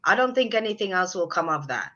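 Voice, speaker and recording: A woman co-hosting a casual reality TV review chat over a video call, talking emphatically and reacting quickly. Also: on the low side, sing-song, bright, forceful tone. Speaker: co-host. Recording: dull lo-fi video call audio.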